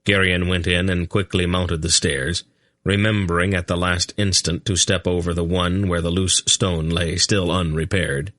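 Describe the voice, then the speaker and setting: A man narrating an audiobook in a steady, measured way on a close mic. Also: low-pitched, no room sound. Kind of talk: scripted narration.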